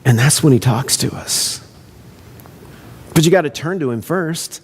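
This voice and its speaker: A man's voice: fairly high pitch, animated, measured pace, husky, long reverb tail. A man pastor preaching a sermon in an earnest, conversational way. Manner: conversational, earnest, self-interrupting.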